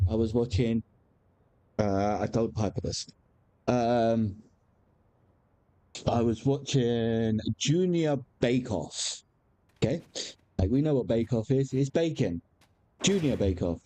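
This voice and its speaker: A man's voice: mid-range voice, dark tone, no room sound. A man, chatting candidly as a game streamer, rambling with frequent restarts and casual swearing. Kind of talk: casual chat while gaming.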